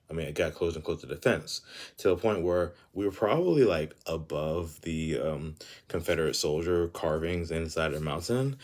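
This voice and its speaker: A young man with a very low voice tells a story at a casual pace. He talks in an animated, rambling way, packed with fillers and frequent swearing. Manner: animated, filler-heavy, profane ranting.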